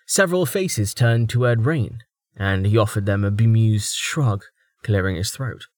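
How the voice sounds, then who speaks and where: A man narrating a fantasy audiobook in an even, measured storytelling manner. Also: lowish voice, dry recording, clean studio sound.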